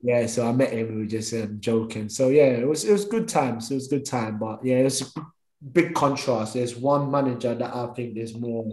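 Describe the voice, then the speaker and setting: A man's voice: mid-range voice, moderate pace, reverberant, rough recording. A man, a former professional footballer, telling stories from his career in conversation and acting out his thoughts. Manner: animated, acts out his own thoughts and others' words. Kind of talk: storytelling conversation.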